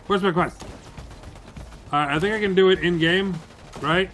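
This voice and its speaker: A man giving casual, joking commentary while playing a video game, with excitable outbursts. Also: on the high side, moderate pace, pauses often, slight background noise. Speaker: gaming streamer.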